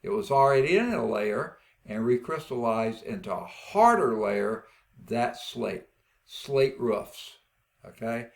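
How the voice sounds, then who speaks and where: A man gives a geology lecture at an unhurried pace, with a gravelly edge in his voice. He talks in a folksy way, thinks aloud as he goes and keeps checking in with his students. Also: medium pitch, animated. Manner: folksy, checks in with frequent "okay?"; thinks aloud, admits uncertainty. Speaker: geology instructor. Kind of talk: classroom lecture with rock samples.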